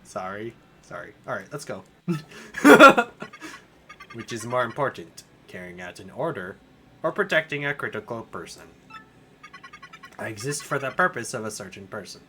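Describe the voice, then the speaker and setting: A man's voice: fairly low pitch, slight background noise, pitched below the performer's own voice, exaggerated voice. A man doing a stiff, formal computer voice. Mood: solemn. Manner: slow, flat, formal diction. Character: calm formal male computer, earnest and stiff. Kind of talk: let's play voice acting.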